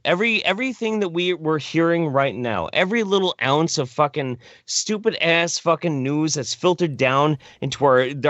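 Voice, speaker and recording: A man on a live talk podcast, swearing constantly in an intense, shouty rant. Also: on the high side, dry recording, highs cut off. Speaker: podcast panelist. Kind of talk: profane ranting on a live talk show.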